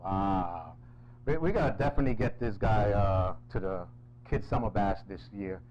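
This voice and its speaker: A man's voice: lowish voice, moderate pace, a little mellow, lo-fi sound, slight background noise. Joking male interview host. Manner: joking, laughs often. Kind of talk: casual interview.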